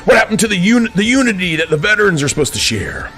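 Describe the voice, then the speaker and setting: A man, a veteran, delivering a preachy, indignant monologue to his viewers, calling them friends, swinging between quiet asides and outbursts. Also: high voice, wildly swooping pitch, racing, soft background music. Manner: addresses listeners as friends constantly, indignant, swings between soft and shouting. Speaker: veteran vlogger.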